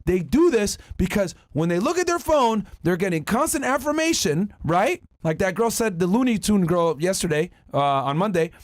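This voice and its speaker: A man's voice: high voice, very animated, moderate pace, few pauses, no echo, studio quality. A man hosting a podcast in casual commentary, crude and mocking as he reads out news and messages. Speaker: podcast host.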